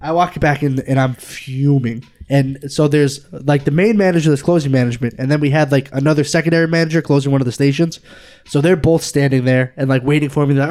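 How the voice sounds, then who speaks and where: A young man, a podcast co-host, telling a story in casual chat, animated, swearing and acting out quotes. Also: medium pitch, fast talker.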